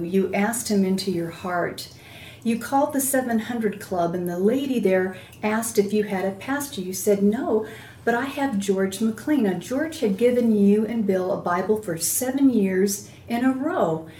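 Woman, talk-show host, warm dark tone, echoey room, faint background noise. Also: medium pitch, normal speed. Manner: prompting, summarizing the guest's story. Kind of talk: faith talk-show interview.

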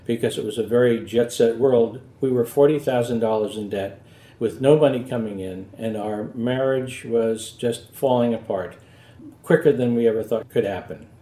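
Man, interview guest, mellow tone, reflective, roomy echo. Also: mid-range voice. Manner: reflective, halting repetitions. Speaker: guest giving testimony. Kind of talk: personal testimony interview.

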